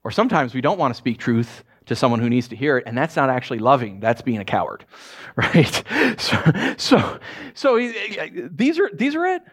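Lively, animated man preaching. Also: mid-range voice, moderate pace, breathy edge. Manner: animated, conversational preaching with jokes and asides. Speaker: pastor. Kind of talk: sermon.

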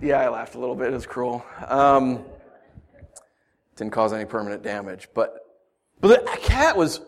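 A man preaching a sermon, swinging from hushed lines to emphatic ones and asking rhetorical questions. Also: medium pitch, expressive, moderate pace, gravelly. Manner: rhetorical questions, storytelling asides. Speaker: pastor.

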